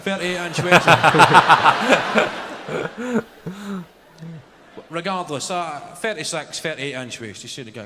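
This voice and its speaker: A young Scottish man doing a stand-up routine, telling dry stories and chuckling at his own lines, with a live audience laughing loudly. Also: a little high, slow pace, long pauses, very noisy. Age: young adult. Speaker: stand-up comedian. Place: comedy stage before a live audience. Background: roaring crowd laughter.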